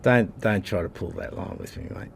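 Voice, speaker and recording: Speaking at a normal speed with a low voice and noticeable vocal fry, this Australian man in his sixties is a rugby head coach. He fields press conference questions in a combative, blunt manner, addressing people as "mate."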